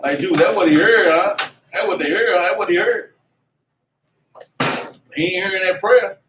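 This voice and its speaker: Animated preacher man, echoey room. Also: sits high, normal speed. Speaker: class teacher. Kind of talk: religious class teaching. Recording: echoey room, mic at a distance, faint noise.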